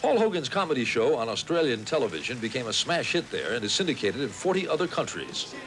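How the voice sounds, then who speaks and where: Lively news reporter over music. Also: male voice, mid-range voice, fast, poor audio.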